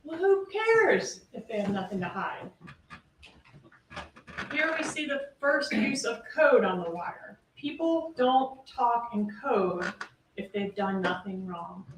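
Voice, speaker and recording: A woman prosecutor delivering a closing argument to a jury, pressing her points with rhetorical questions. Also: fairly high pitch. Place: courtroom. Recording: roomy courtroom audio from a distance, faint hiss.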